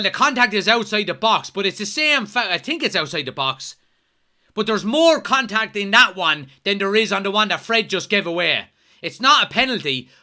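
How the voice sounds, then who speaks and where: Irish watchalong host, fairly high, piercing tone, fired-up match commentary. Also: male voice. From Ireland, Kilkenny. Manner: excitable, yells at the referee, swears; reads out chat messages.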